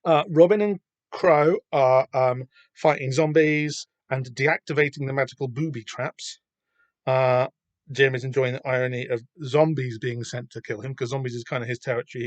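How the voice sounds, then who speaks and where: A man's voice: medium pitch, no room sound. A man hosting a podcast, reading through a comic and rambling in loose, casual commentary. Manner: rambling, lots of fillers and restarts. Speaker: podcast host.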